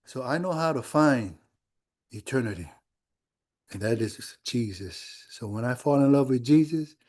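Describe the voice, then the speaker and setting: Middle-aged male pastor, warm low-key tone, conversational sermon storytelling in a church. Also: animated, a little slow. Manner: conversational storytelling with quoted dialogue.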